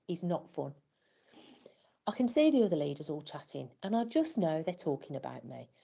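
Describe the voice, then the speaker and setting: A woman's voice: deep voice, gravelly, mellow, highs cut off. A woman telling a scripted first-person story as a flustered parent, wry and self-deprecating. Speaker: parent in a training scenario.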